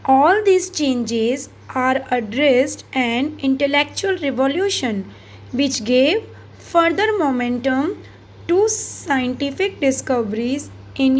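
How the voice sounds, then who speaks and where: A woman with an Indian English accent, a school history teacher, reading textbook passages aloud slowly and carefully in a recorded lesson. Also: high voice, animated.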